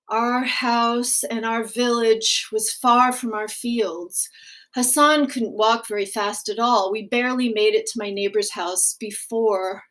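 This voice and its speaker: A woman reading a graphic novel aloud, in a gentle, unhurried storytelling manner. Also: a little high, steady tone. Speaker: audiobook reader.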